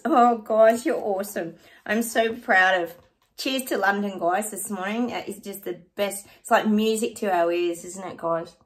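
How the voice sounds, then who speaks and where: A woman's voice: medium pitch, normal speed. Effusive woman chatting to viewers. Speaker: psychic channel host. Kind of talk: casual chat to viewers.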